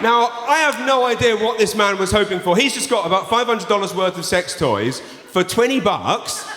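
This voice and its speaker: A man's voice: high voice, lively intonation, moderate pace, bright, forceful tone. An English man in his thirties performing a stand-up set, animatedly telling a story and acting out the people in it. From England. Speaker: stand-up comedian. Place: large theatre before a laughing audience. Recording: roomy theatre echo with long reverb.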